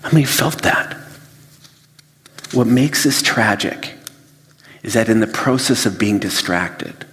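A pastor giving a sermon, telling everyday stories with lively acted-out asides. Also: male voice, lowish voice, takes it slowly, long pauses. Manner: animated storytelling, acts out his own flustered inner voice. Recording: long reverb of a large hall.

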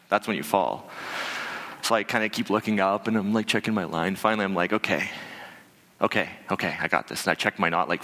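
A man telling a personal story to an audience, animated and conversational, with many fillers and restarts. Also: on the low side, in a large hall. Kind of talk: live storytelling talk.

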